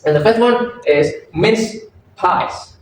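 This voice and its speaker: A young man giving a class presentation, halting, with many fillers and self-corrections. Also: high voice, a little hiss or hum. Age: young adult. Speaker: student presenter. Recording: echoey room, far from the mic.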